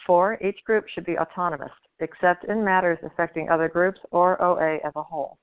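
A woman from Florida reads a numbered list at a meeting in a brisk, clear way. Her voice is smooth and crisp, and the phone line leaves it dry, thin and tinny. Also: fairly low pitch, steady tone, dry recording. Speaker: meeting member. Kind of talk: reading traditions aloud. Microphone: phone call.

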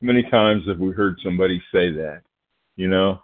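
A man from Oklahoma, a guest speaker at a phone-line recovery meeting, nervous and halting, with many fillers, restarts and throat-clearing. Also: deep voice.

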